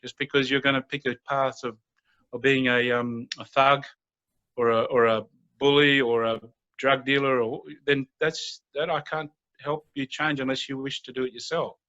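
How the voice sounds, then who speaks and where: A man, a youth mentor and guest speaker, telling stories in a calm, steady, unhurried way. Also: medium pitch. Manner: steady and unhurried, often acting out quoted dialogue. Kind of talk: calm conversational storytelling. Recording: dull lo-fi audio.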